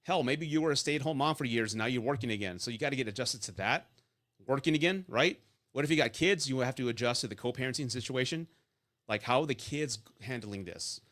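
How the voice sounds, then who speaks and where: Speaking a little quickly in a medium, fairly bright voice, this guy runs a live stream giving divorce and dating advice. His style is casual and profane, full of straight-talking stories punctuated by "right?".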